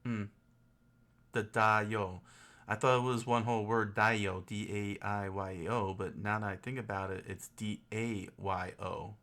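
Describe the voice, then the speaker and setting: A man's voice: lowish voice, fairly even intonation, moderate pace, hardly any pauses, a bit bright. A man hosting a casual study stream, thinking aloud as he sounds out phrases and chuckles often. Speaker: host studying Japanese.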